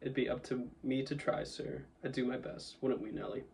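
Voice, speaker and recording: A man voicing a humble, deferential male cabman of country stock who talks slowly and plainly, somewhat far from the mic. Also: mid-range voice, gravelly, darkish tone, a little hiss or hum, close to an everyday voice.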